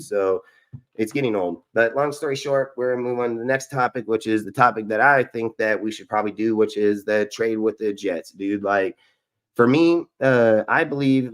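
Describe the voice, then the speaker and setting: A man hosting a live sports stream, ranting in an aggressive, profane and boastful way. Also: medium pitch. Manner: boastful, repetitive. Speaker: sports show host.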